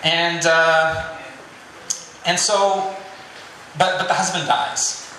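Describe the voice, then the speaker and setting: A man's voice: on the high side, level tone, drawn-out words, sharp tone, a little hiss or hum. A man preaching a sermon in a conversational, joking way. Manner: conversational and joking, with filler "you know". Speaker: pastor. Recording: very echoey room.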